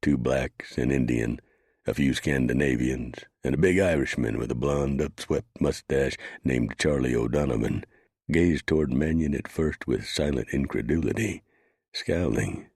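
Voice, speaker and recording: A man reading a western audiobook in measured scripted narration. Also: a bass voice, gravelly, a little mellow, breathy edge, no room sound, studio quality.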